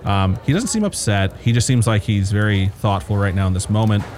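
Low-voiced man narrating as game master. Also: brisk. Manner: relaxed, descriptive, many "uh" fillers.

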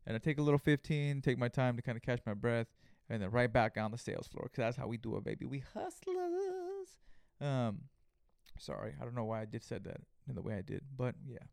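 A man's voice: mid-range voice, fast, gravelly, clean tone, no echo, studio quality. A young man hosting a podcast, telling a story casually and profanely, acting out what people said. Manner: profane, animated retelling with acted-out quotes. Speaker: podcast host.

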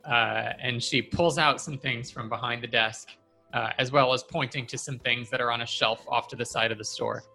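Bright-voiced male game master. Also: mid-range voice, moderate pace, vocal fry, faint music behind. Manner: relaxed, hesitant, with ums. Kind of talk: narrating a tabletop game.

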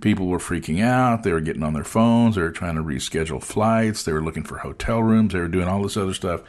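A man hosting an interview, telling a travel story in a relaxed, chatty way and acting out the people in it. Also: low-pitched, quick pace. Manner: animated storyteller acting out dialogue. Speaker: podcast host.

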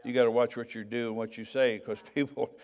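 A man's voice: medium pitch, little pitch movement, brisk, darkish tone, muffled recording. An older man preaching, telling his own story in a conversational way and acting out the dialogue. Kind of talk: sermon testimony.

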